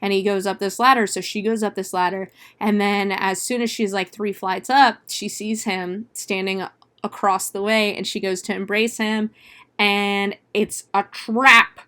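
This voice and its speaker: A woman podcast host tells a movie plot the way she would tell a friend. She fills her sentences with "like", swears freely, and breaks into exclamations and laughs. Her voice sits at an ordinary middle pitch. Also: steady tone, a little slow, sharp tone. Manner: chatty, profane retelling with frequent "like". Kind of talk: casual movie recap.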